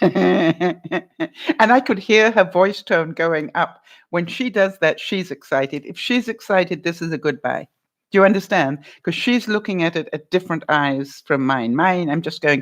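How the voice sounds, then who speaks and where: With a fairly low voice and a slightly slow pace, this older vlogger chats casually on a home live stream. She responds to live chat, laughing frequently and greeting viewers by name.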